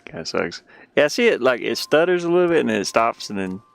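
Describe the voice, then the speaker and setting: A man chatting loosely to himself as he plays his own game, trailing into mumbled asides. His voice is smooth and clean and rises and falls a lot, with faint music behind. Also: mid-range voice, very animated, fast, no room sound. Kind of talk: casual gameplay commentary.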